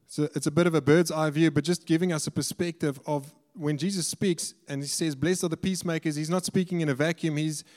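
A man's voice: a little high, darkish tone. A man preaching a sermon with earnest emphasis, often repeating words as he works through a point. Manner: earnest, stumbles and repeats words when explaining. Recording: reverberant hall.

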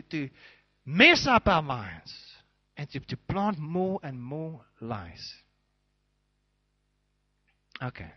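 Male preacher, high lively voice, dramatizes everyday scenes mid-sermon. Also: no room sound, dull audio. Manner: animated preaching, acting out little scenes. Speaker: pastor.

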